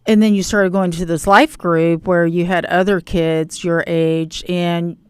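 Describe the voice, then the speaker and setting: A woman hosting a faith podcast, gently summing up what her guest has shared. She talks very slowly in a smooth, resonant voice. The recording is dry and close. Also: lowish voice, fairly even intonation, dry recording. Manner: slow, gentle, sums up the guest's story. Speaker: host.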